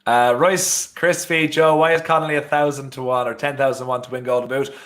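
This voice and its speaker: Irish man, young adult, casual football stream chat, rambling with fillers, mid-pitched voice. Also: fairly even intonation, brisk, a bit bright. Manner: rambling, many fillers and restarts. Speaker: watchalong co-host.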